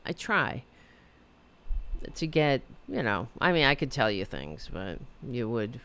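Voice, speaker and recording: A woman's voice: extremely low pitch, big pitch swings, slow pace, a bit bright. A middle-aged woman hosting her own talk show from her apartment, rambling and self-deprecating, reading chat messages aloud. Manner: reads viewer chat aloud. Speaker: podcast host.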